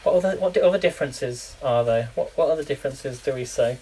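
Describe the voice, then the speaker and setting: A man's voice: medium pitch, fast talker, warm tone, a little hiss or hum, rough recording. A man chatting casually to viewers during a live cooking stream. He rambles, laughs often and quizzes viewers on words. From England. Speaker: live-streaming home cook.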